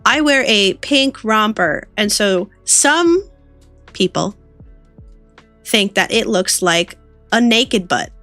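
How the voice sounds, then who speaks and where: A woman's voice: medium pitch, animated, slow, long pauses, a bit bright, no echo, faint music behind. A woman streamer chatting casually with her viewers while drawing, giggly and teasing. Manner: giggly, playful, teasing banter.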